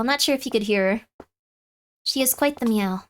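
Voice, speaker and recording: A woman streaming from home, chatting casually with her viewers, reading their messages aloud and cooing softly to her cat. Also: fairly high pitch, normal speed. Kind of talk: casual live-stream chat. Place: home room.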